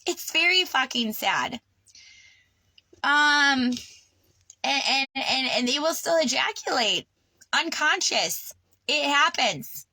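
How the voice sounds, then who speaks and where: A woman's voice: sits high, animated, slow pace, long pauses, sharp tone, dry recording, rough recording. A woman ranting in an unscripted personal vlog, agitated and swearing, with stammering restarts. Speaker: vlogger. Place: on her sailboat.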